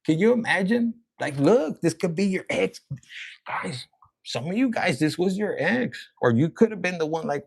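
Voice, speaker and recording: Raspy gravelly dude w a doing a tarot reading, swearing a lot, all over the place. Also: male voice, sits high, normal speed. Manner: profane, rambling, excitable. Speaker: tarot reader.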